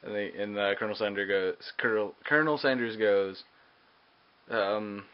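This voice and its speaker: A man's voice: lowish voice, steady tone, normal speed. A man giving a casual movie review, hesitant and full of ums and uhs. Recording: dull lo-fi recording with faint hiss.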